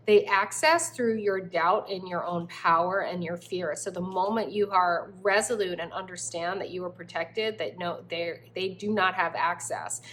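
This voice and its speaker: A woman's voice: on the low side, fairly bright tone. Tarot reader, woman, effusive and doting, slight background noise. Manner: effusive, affectionate, exclaiming often. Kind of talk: spiritual tarot reading.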